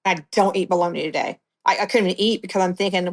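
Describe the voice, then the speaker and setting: A woman's voice: on the low side, fairly even intonation, fast talker. A middle-aged woman giving a blunt, conversational account of her past as an interview guest. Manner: blunt, conversational storytelling with restarts.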